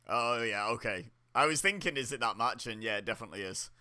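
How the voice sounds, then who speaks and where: A man's voice: medium pitch, expressive, fast talker, sharp tone. A young man giving casual, chatty commentary while watching a wrestling show, reacting aloud with laughs and exclamations. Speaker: wrestling watch-along host.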